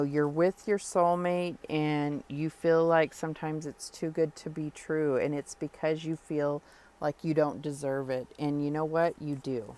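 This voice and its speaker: A woman giving a spoken tarot reading, talking earnestly and reassuringly straight to the listener, with pauses and fillers as she thinks. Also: low voice, a little mellow. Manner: thoughtful with frequent pauses and fillers. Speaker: tarot reader.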